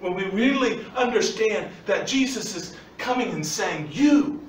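A man preaching a sermon as pastor, animated and emphatic, laughing now and then. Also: high-pitched, a little slow, a little hiss or hum. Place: church sanctuary. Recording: echoey church from far off.

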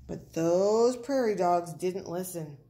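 A woman reading a children's picture book aloud, slow and playful with the words. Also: on the low side. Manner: slow, expressive, playful wordplay. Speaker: storyteller.

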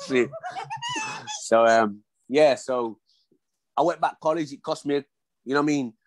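A man's voice: medium pitch, a little slow, noisy background. A man, a former boxer telling stories in a casual interview, acting out the dialogue as he goes. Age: 40s. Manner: animated storyteller, acts out dialogue.

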